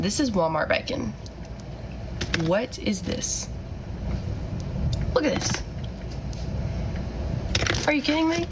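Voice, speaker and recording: A woman's voice: fairly high pitch, vocal fry. A woman complaining in disbelief about the groceries she bought. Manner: exasperated, disbelieving. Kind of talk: complaint video clip. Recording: noisy phone clip from off-mic.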